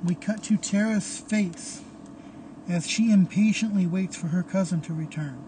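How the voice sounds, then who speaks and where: Slow, hushed male horror storyteller. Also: sits high, a little hiss or hum. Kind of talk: dramatic horror story narration.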